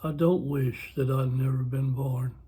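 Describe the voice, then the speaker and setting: A man's voice: medium pitch, level tone, unhurried, warm tone, slightly rough. A man putting on a desperate male movie hero in a raised voice. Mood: pleading.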